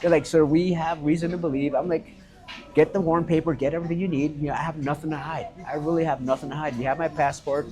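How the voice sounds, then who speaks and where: A man recounts a story in relaxed conversation. His voice sits a little high for a man. He talks animatedly, swears freely and acts out the lines of people in the story. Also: fast talker. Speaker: guest, restaurant owner. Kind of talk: casual storytelling chat.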